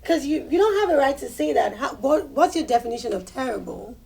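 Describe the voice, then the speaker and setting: A woman with a foreign accent speaks in a high, gravelly voice as a guest in a casual chat. She talks earnestly and laughs easily. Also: lively intonation, fairly quick, a little mellow.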